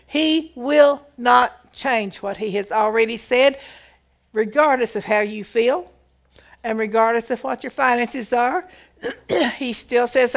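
A woman's voice: a little high, creaky. A woman giving a conversational Bible teaching, reading verses aloud and explaining them with emphatic repetition.

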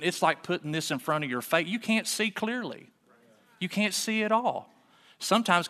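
A man preaching a sermon in a relaxed, folksy way, full of rhetorical questions, in a church sanctuary. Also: fairly high pitch, in a large hall. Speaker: pastor.

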